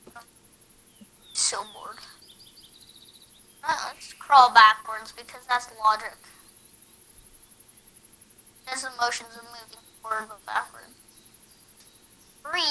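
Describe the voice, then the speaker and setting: A woman's voice: on the high side, sharp tone, a little hiss or hum. A woman streaming a hunting game, playful and silly, narrating her own moves while tired. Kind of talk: casual gameplay chat.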